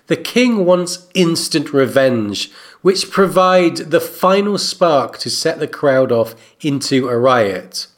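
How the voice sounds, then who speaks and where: A man in a discussion show speaks slowly and analytically, with a fairly high voice. His pitch moves a lot as he leans on key points. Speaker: co-host. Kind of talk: book and TV analysis with read-aloud passages.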